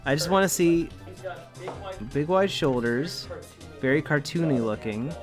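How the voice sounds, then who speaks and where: A man's voice: a little high, lively intonation, measured pace, over music. A man co-hosting a casual comedy chat, sarcastic and joking, laughing often. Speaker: co-host.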